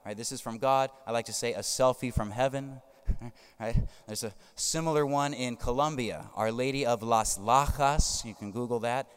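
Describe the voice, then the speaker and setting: A man's voice: mid-range voice, clear, resonant tone. A man preaching as a Catholic priest, emphatic, tagging his points with "right?". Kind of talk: sermon. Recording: long hall reverb.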